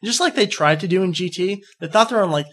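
A young man with a notably high voice hosts a casual fan podcast. He rambles and jokes with excitable energy, hyping a contest to his listeners. He is from New Jersey. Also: quick pace. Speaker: podcast host.

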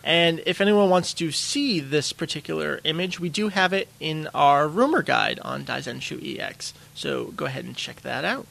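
A man co-hosting a podcast in casual chat, relaxed and quick to laugh as he steers the topic. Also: a little high, creaky. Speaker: podcast co-host.

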